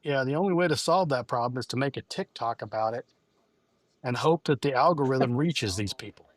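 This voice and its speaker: A man, a podcast co-host, tossing quick, wry comments into casual chat. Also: medium pitch, animated, dry recording.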